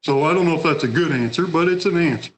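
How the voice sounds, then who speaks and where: A man's voice: fairly high pitch, fast talker, low-quality recording. A man speaking at a public policy meeting, conversational and hedging, acting out what others might say. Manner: conversational, hedging, acts out quotes.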